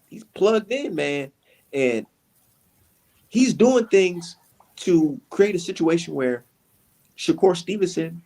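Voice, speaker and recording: A man with a gravelly, slightly husky voice that swings widely in pitch. He talks boxing in a heated, profane, rambling way, like a co-host ranting with a friend. His voice sits a little high for a man. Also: expressive, slow, long pauses, darkish tone. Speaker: podcast co-host. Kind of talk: casual boxing chat.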